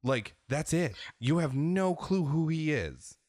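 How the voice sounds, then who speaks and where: A man in a casual podcast chat, talking in an animated, profane, storytelling way. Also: fairly high pitch, slow, no room sound, studio quality.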